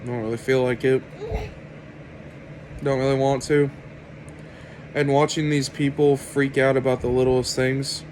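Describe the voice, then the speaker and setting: A man delivering an opinionated commentary rant to his viewers, sarcastic and deliberate. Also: medium pitch, flat delivery, darkish tone, slight background noise, rough recording. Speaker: video commentator.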